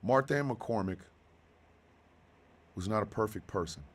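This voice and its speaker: A man in his fifties hosting a radio show, talking slowly and with deep feeling about personal loss. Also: husky. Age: 50s. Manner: heartfelt, slow and halting, then bursts of loud excitement. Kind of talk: emotional monologue.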